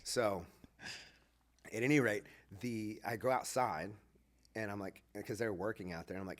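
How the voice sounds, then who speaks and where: Male podcast guest, ex-pastor, casual storyteller with a lowish voice who acts out the dialogue. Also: moderate pace. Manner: animated, acts out quoted dialogue.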